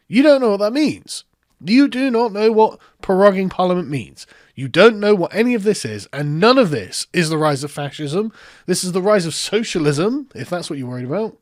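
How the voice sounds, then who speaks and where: A man's voice: high-pitched, very animated, normal speed, no echo, studio quality. A man, ranting sarcastically in political commentary, swearing and mocking his opponents.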